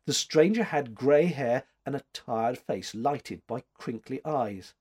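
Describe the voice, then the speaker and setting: A male audiobook narrator telling the story at an unhurried pace, his delivery measured and expressive. His pitch moves a lot, and his voice has a husky edge. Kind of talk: scripted narration.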